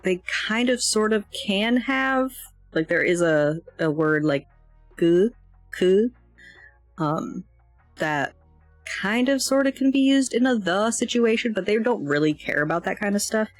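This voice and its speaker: With faint music playing behind her and no room sound, a woman works through a language lesson on stream at a measured pace. Her medium-pitched voice is expressive yet tired and yawning, and she rambles hesitantly while making self-deprecating jokes.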